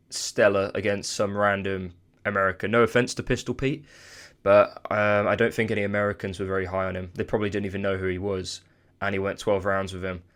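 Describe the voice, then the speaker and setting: A man's voice: lowish voice, a bit bright, smooth. A man giving casual solo commentary on boxing, chatty and hedging with asides. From United Kingdom. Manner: chatty, hedging with "I mean" and "let's be honest".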